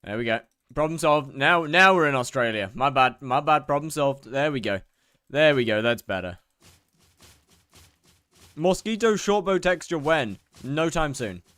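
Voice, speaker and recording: A man's voice: on the high side, expressive, measured pace, fairly bright tone, no room sound, clean studio sound. A young British man chatting casually on a live stream while gaming, rambling and mocking himself as he reads out chat.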